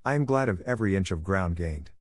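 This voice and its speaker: A man reading the part of a calm, hopeful woman probation officer, speaking steadily and reasonably. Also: sits low, fast, no room sound. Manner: steady, reasonable, quietly firm. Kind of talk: audiobook character reading.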